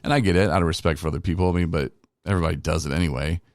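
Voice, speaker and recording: A man's voice: low voice, racing, dry recording, studio quality. A middle-aged man hosting a recovery podcast, telling his own story in a candid, rambling, self-deprecating way. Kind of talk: casual personal storytelling.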